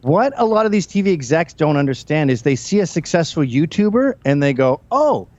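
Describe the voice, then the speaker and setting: A male guest on a comedic talk show, making blunt, scornful, deadpan put-downs. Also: fairly high pitch, brisk, dull audio.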